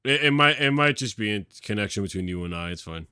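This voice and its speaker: A man's voice: fairly low pitch, expressive, fast talker, sharp tone, smooth, dry recording, studio quality. A man co-hosting a reaction video over a call, chatting and explaining with lots of fillers. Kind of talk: casual chat.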